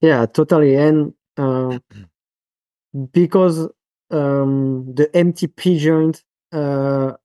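This French-accented man from France is a physiotherapist appearing as a guest on a podcast interview. He speaks haltingly, full of fillers and restarts, in a slightly high, mellow voice with no room sound.

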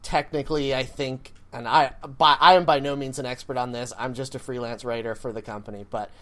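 A man's voice: mid-range voice, fairly even intonation, fairly quick, pushed and bright. A man co-hosting a podcast, chatting casually in a rambling, self-deprecating way with plenty of fillers. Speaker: podcast co-host. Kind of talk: casual chat.

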